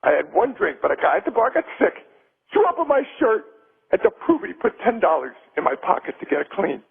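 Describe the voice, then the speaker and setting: A man's voice: high-pitched, very animated, a little fast, creaky, slightly rough. A man calling in to a radio show, trading mock-indignant banter and telling a long joke. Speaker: phone-in guest comedian. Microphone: telephone. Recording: tinny phone line.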